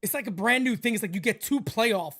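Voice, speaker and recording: A man hosting a casual live sports talk show, emphatic and animated, swinging between loud bursts and quieter asides. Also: high voice, brisk. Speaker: podcast host.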